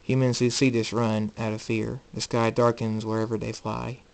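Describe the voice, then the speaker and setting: A man narrating his own fan story aloud, halting and repeating words. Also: on the low side, level tone, vocal fry, darkish tone. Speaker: hobby storyteller.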